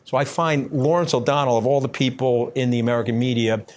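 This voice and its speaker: A man answering interview questions bluntly and combatively, brash and scathing, talking in quick bursts with many fillers. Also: mid-range voice, steady tone. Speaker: interview guest.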